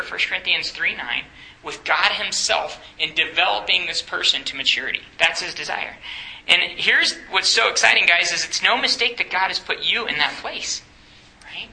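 A man's voice: high-pitched, creaky, sharp tone, roomy sound, low-quality recording. A young man on a campus ministry staff, teaching a Bible study in a conversational way, asking the group questions and joking.

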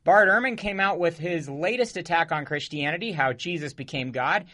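A man's voice: on the high side, moderate pace, bright, forceful tone. A man hosting a radio show, interviewing his guest eagerly and with enthusiasm.

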